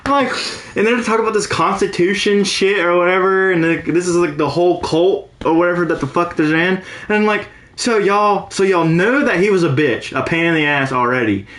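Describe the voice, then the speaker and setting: A young man with a slightly high voice rants animatedly and swears freely as he co-hosts a casual podcast chat. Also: fairly quick, hardly any pauses, echoey room. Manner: animated ranting, heavy swearing. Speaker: podcast co-host.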